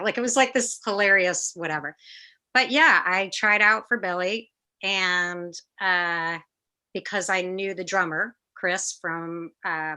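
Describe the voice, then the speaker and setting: A middle-aged woman talks as a guest on a video call, with a bright, forceful tone. She tells her stories with energy, mimics the people in them and drops the odd curse in casual chat. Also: lowish voice. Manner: animated, acts out quoted voices, swears casually. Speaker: guest musician. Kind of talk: casual interview storytelling.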